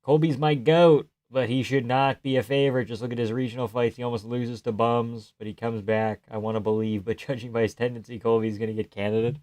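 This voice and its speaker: A man's voice: medium pitch, steady tone, brisk, hardly any pauses, a little mellow, no room sound. Offhand swearing young man streaming live. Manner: swears freely, laughs often, loose and offhand. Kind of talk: casual live-stream chat, reading viewer comments.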